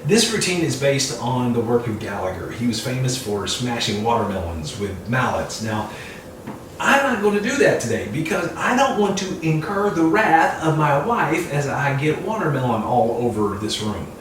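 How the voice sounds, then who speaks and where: A man's voice: medium pitch, big pitch swings, moderate pace, noisy background. A man doing a playful, mock-confused comedy routine, chatting with an imagined audience. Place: room at home. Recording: distant mic in an echoey room with faint ambience.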